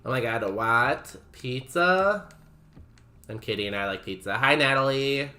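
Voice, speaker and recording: A man's voice: medium pitch, moderate pace, pushed and bright, faint music behind. A young man streaming a game, chatting casually with his viewers, laughing often and saying "like" a lot. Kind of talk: casual chat while playing a game.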